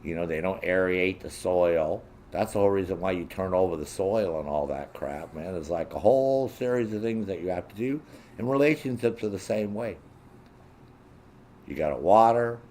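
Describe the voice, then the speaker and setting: A man's voice: low voice, expressive, normal speed, a little mellow, a little hiss or hum. A man hosting his own show, delivering a blunt, profane rant and mimicking other people in a raised voice. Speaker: show host. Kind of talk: profane ranting monologue.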